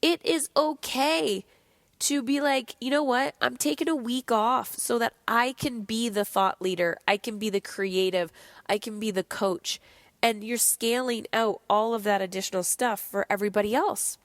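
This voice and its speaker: Woman podcast host, swears a lot, kinda high voice, sick and low energy but fired up, dry close sound. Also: moderate pace, no room sound. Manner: blunt, profane, animated. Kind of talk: candid motivational monologue.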